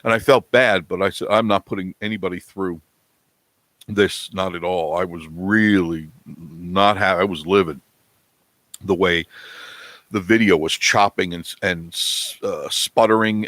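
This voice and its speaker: A man's voice: deep voice, fairly bright tone, dry recording. A man hosting a casual live stream from his home, telling a long rambling story and acting out the quotes. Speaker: vlog host. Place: home studio indoors.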